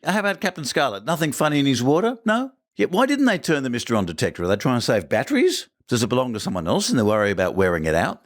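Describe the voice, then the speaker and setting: A male podcast host talks through an episode with dry, teasing humour. His pitch sits in the middle of the range but leaps up and down as he quips and asks mock questions. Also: huge pitch swings, fast, hardly any pauses. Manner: wry, joking, asks himself questions. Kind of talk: episode review commentary.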